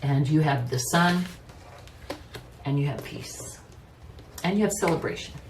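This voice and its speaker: Low-voiced, slow-talking woman tarot reader. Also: background noise. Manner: chatty, repeats "you know", laughs easily. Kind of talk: casual tarot reading monologue. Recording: roomy echo, mic at a distance, faint ambience.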